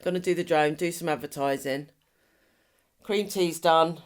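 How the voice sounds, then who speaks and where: A woman's voice: deep voice, normal speed. A middle-aged woman co-hosting a podcast in casual chat, teasing and laughing often. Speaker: podcast co-host.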